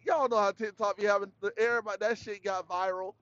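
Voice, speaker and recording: A man hosting a solo podcast, talking in a rambling, slangy, animated way. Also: high-pitched, brisk, few pauses, no echo, muffled recording. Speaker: podcast host.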